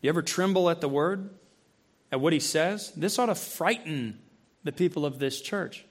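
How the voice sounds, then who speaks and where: A man with a high, light voice preaches a sermon into a close microphone. He throws questions at his listeners and acts out voices. His delivery swings from loud, high emphasis down to low, quiet intensity. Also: normal speed. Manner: acts out quoted voices and asks the congregation questions. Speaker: pastor. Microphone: handheld or stand mic, close.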